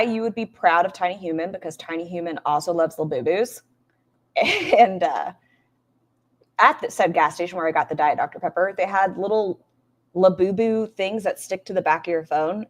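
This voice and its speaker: Lady streamer, lowish voice, snarky reactions, swears a lot and talks to chat. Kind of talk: casual live-stream commentary.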